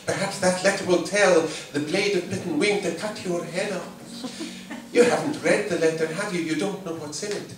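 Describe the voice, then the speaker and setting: A man's voice: high-pitched, steady tone, moderate pace, natural voice. A man doing a sly coaxing fox. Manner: coaxing, persuasive. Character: sly smooth-talking male fox, a thief. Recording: distant mic in a very echoey room.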